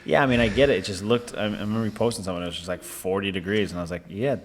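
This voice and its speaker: A man's voice: lowish voice, steady tone, racing, slight background noise. A man co-hosting a podcast in casual chat, laid-back, swearing and laughing often. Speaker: podcast co-host.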